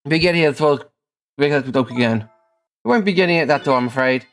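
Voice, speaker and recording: Low-voiced woman streaming a game. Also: fast talker, faint music behind. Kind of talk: casual game playthrough, reading dialogue aloud.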